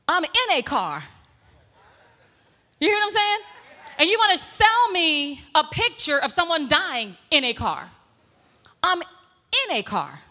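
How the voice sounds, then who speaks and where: Bright-voiced woman preaching in a reverberant hall. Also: very high voice, big pitch swings, takes it slowly, long pauses. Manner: humorous and emphatic, with laughter and shouted points. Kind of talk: sermon. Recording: long reverb in a large hall.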